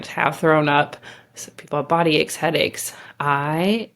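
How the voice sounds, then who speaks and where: A low-pitched woman talking straight to her listeners in a loose, candid storytelling way. She chats freely and drops casual swear words as she goes. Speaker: podcast host.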